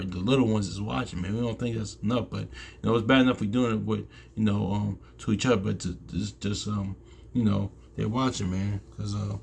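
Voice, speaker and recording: Low, gravelly man teaching scripture. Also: fairly bright tone, a little hiss or hum. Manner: halting, restarts often, ends phrases with "man". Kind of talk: casual scripture teaching with verse reading.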